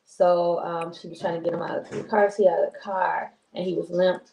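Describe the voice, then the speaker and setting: A woman's voice: fairly low pitch, fairly even intonation, brisk, creaky, mellow, slight background noise. A woman co-hosting a casual talk show, rambling and chatty with many restarts. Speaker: co-host. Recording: roomy echo.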